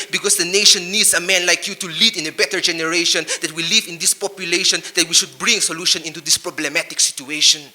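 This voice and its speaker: Sharp-voiced man giving a motivational speech. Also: sits high. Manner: rhyming wordplay, punchy and emphatic. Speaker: motivational speaker. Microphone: handheld mic.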